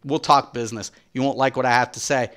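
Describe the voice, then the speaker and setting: A man's voice: medium pitch, steady tone, quick pace, a bit bright, clean tone. A man streaming and ranting commentary in a blunt, profane, swaggering way. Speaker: game streamer.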